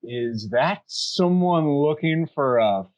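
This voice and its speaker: A swaggering male tiefling in fine clothes, smug and theatrical, as a man puts him on. The voice sits higher than plain talk and carries more punch. It has the showy confidence of a bar-room challenger. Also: expressive, slow pace, low-quality recording. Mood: cocky. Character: dashing, cocky male tiefling brawler.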